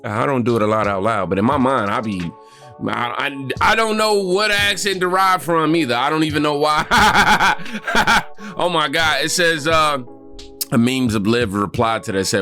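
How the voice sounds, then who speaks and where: A male host commenting on news clips in a sarcastic, animated manner, breaking into laughter. His voice is bright and forward. Faint music sits under it. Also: fairly high pitch, measured pace. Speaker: reaction video host.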